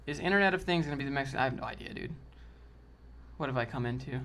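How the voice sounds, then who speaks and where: A man's voice: mid-range voice, quick pace, a bit bright. A man hosting a casual livestream, answering chat in a loose, slangy way and calling people dude and bro.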